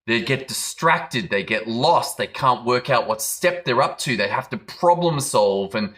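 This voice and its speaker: A man's voice: mid-range voice, animated, a little slow, fairly bright tone. A man giving a motivational business talk, telling a dramatic story and acting out quoted lines. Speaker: business coach.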